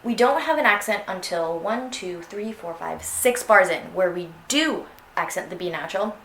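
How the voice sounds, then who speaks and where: A woman's voice: on the low side, expressive, normal speed, a bit bright. A young woman teaching an orchestral clarinet excerpt in a casual, chatty way, singing phrases aloud to show them. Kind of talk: instructional music lesson. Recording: echoey room with faint noise.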